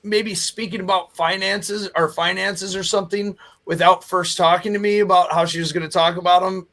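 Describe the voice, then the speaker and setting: A man's voice: high voice, steady tone, moderate pace, fairly bright tone. A man who is a pastor chatting on a faith talk show, laughing often and restarting his sentences.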